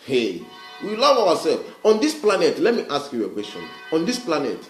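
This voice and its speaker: A man's voice: on the high side, wildly swooping pitch, moderate pace, echoey room, soft background music. A man with a Nigerian accent, addressing his livestream viewers in an emphatic, repetitive, preachy way.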